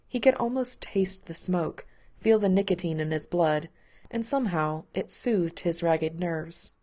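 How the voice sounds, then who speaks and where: Calm woman reading a story, lowish voice. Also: a little slow. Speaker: narrator. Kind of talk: reading fiction aloud.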